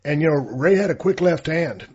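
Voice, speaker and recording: A man's voice: fairly high pitch, expressive, moderate pace, darkish tone, slightly rough. A man telling a story in casual chat, in a laid-back, drawling way. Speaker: podcast co-host. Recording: dull lo-fi sound.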